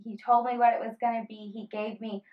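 A woman in her thirties talking earnestly about family and faith in a casual conversation, with many fillers and pauses. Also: on the high side, little pitch movement. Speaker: guest. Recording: slightly dull lo-fi audio.

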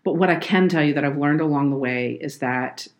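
A low-pitched woman talks on a faith podcast. She tells a personal story in an earnest, heartfelt way. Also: a little fast. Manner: earnest, heartfelt, tearful at moments. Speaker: podcast guest, children's minister.

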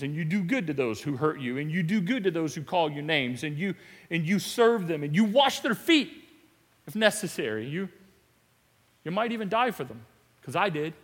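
A man speaking as Jesus in a sermon, calm, patient and firm. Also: fairly high pitch, long reverb tail. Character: Jesus, gently firm male teacher.

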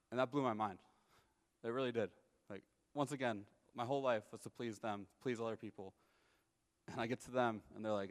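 A man's voice: fairly low pitch, steady tone, a little fast. Young man's testimony in a big echoing hall. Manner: conversational storytelling, checks in with listeners. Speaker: speaker giving a personal testimony. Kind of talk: personal testimony talk to an audience.

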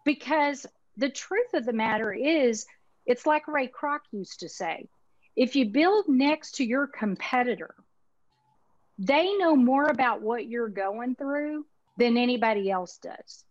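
A Texas-accented woman in her fifties, who owns an insurance marketing organization, chats as a guest in a casual interview. Her fairly high voice is expressive and unhurried, folksy and emphatic, full of Southern expressions. The sound is lo-fi with no echo.

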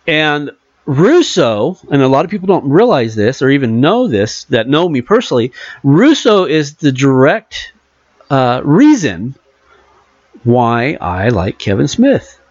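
A man's voice: on the high side, big pitch swings, measured pace, dry recording. Rambling chatty man, dry dull sound. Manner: rambling, self-correcting, acts out quotes. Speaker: podcast co-host. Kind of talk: casual chat.

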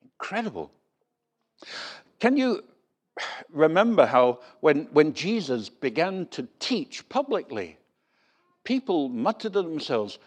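A man's voice: fairly high pitch, takes it slowly, long pauses, slightly rough. A man preaching a sermon, telling Bible stories in a storytelling manner and acting out the voices of the people in them. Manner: storytelling, animated, acts out voices in quotes.

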